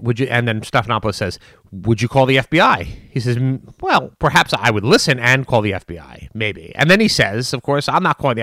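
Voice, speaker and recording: A man giving unscripted political commentary, animated and emphatic, with frequent restarts and fillers. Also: medium pitch, dry recording, clean studio sound.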